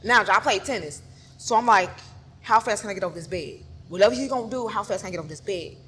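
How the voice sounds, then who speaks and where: A woman telling an emotional personal story, acting out each scene and swinging from hushed to loud. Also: mid-range voice, fast talker, husky. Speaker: photographer telling her story.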